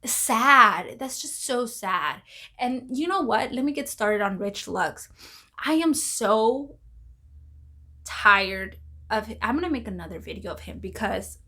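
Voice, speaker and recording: A woman's voice: on the high side, lively intonation, unhurried, pushed and bright. A woman vlogging casual commentary, rambling, repeating herself and exclaiming as she goes.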